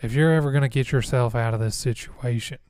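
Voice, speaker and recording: Guy doing a breathy old southern politician voice, gritty vet, smooth dry sound. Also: mid-range voice, fast talker, a little mellow, no room sound, close to an everyday voice. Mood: gruff. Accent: light Southern drawl. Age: 70s. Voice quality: breathy, airy Southern drawl with a little grit. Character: older male Southern congressman, Vietnam veteran, gritty.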